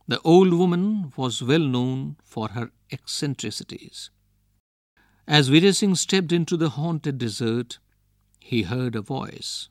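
A man reads a storybook aloud at a very slow, unhurried pace. His pitch rises and falls expressively, and the recording is dry and close. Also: no room sound. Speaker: reader.

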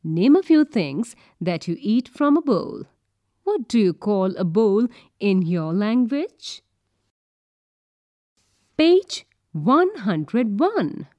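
A woman reading page numbers, vocabulary and questions from a school textbook in a clear, careful classroom manner. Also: mid-range voice, big pitch swings, takes it slowly, long pauses, no room sound, dull audio. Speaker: textbook reader. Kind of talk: reading lesson prompts and questions.

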